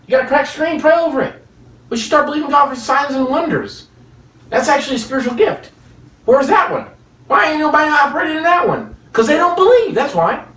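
A man's voice: extremely high pitch, a bit bright. A man preaching a sermon, telling stories with rhetorical questions and chuckles between points. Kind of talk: sermon with storytelling. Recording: echoey room, distant mic.

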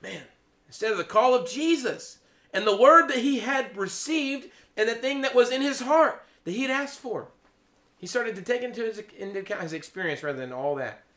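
A man preaching an informal sermon, excitable, laughing, then dropping to a hushed, awed tone. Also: very high voice, moderate pace.

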